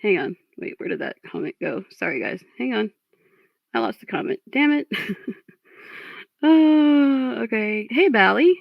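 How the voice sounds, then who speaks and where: A woman's voice: on the high side, sing-song, unhurried, creaky, long pauses, no echo. A woman hosting a livestream, talking casually and reading chat, frustrated and blunt, swearing at trolls. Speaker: livestream host. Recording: dull lo-fi stream audio.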